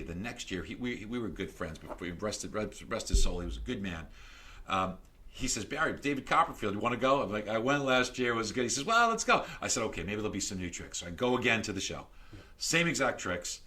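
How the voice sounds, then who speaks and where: A middle-aged man as a podcast guest, telling stories in a lively, animated way that grows loud and excited. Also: deep voice. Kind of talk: casual interview storytelling.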